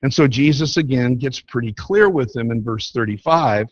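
A man preaching a sermon, reading scripture slowly and explaining it earnestly. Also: medium pitch. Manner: earnest, emphatic, slows down to read scripture. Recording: dull lo-fi sound.

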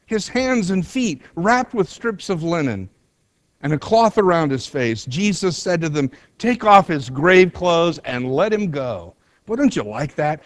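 A man's voice: high-pitched, expressive, normal speed, no room sound. A man preaching an earnest sermon, retelling a scripture story with rising emphasis. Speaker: pastor.

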